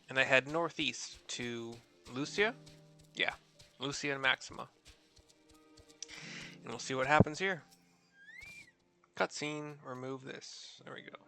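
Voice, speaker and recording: A man's voice: medium pitch, slow, creaky, long pauses, bright, forceful tone, faint music behind. A man narrating a game story aloud in a casual, self-correcting way, with apologetic asides.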